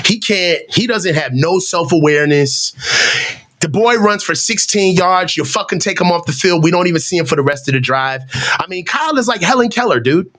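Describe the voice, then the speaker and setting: Brief: male fan commentator, high and animated, swearing and ranting at the coach. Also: moderate pace. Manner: profane, exasperated, rants and mocks the coach; excitable, voice jumps up when shouting. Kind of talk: live game reaction commentary.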